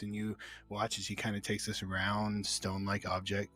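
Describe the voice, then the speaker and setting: A man's voice: fairly low pitch, monotone, moderate pace, fairly bright tone, faint music behind. A man narrating a tabletop game as game master, casual and descriptive with frequent fillers.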